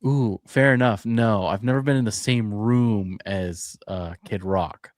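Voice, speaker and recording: A man's voice: fairly low pitch, measured pace, dry recording, studio quality. A man co-hosting a casual podcast chat, playful and tired, often cutting in. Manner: playful, jumps in singing song lines. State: tired, up since early morning. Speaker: podcast co-host.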